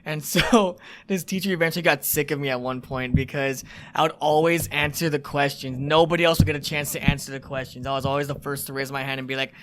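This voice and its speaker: A young man co-hosting a casual podcast, animated, swearing freely and bursting into loud protest. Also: on the high side, fast talker. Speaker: podcast co-host. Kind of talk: casual chat on a livestreamed podcast. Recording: faint background noise.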